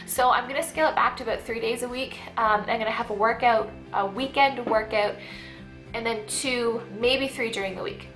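A woman's voice: on the high side, steady tone, moderate pace, a bit bright, faint music behind. A young woman vlogging in a casual chat to camera, stuffy and out of breath, talking with lots of fillers. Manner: chatty, many fillers and likes.

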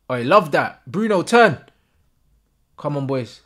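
A young man with a London accent, reacting live to a football match as a fan streamer, excitable and full of slang and swearing, yelling at the plays. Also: sits high, moderate pace.

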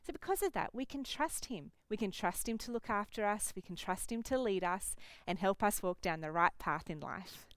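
A woman's voice: medium pitch, expressive, normal speed, few pauses, clear, resonant tone, no room sound. A woman pastor teaching children at an online church service, speaking directly to the kids in an encouraging way.

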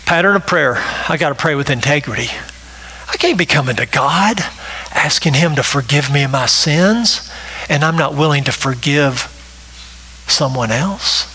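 A man's voice: fairly high pitch, expressive, moderate pace, sharp tone, husky, low-quality recording. A male pastor delivering a sermon, emphatic and repetitive, often checking in with the congregation with a rhetorical "right?".

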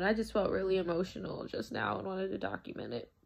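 A woman's voice: lowish voice, very animated, fairly quick, creaky, a little hiss or hum. A young woman, sick and exhausted, recording a video diary as an emotional, profane rant. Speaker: vlogger.

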